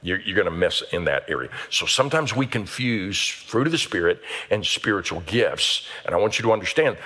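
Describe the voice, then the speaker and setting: A middle-aged man delivers a sermon as a pastor. His voice is bright and forward, and he is animated, slipping into character voices for the people in his stories. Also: sits low, fairly quick, husky.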